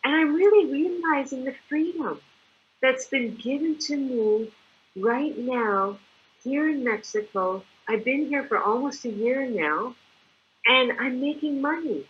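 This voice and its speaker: A woman with a high-pitched voice speaks slowly, and the recording has its highs cut off. She lives in Mexico and presents for a product distributor, giving an enthusiastic, chatty pitch full of acted-out examples.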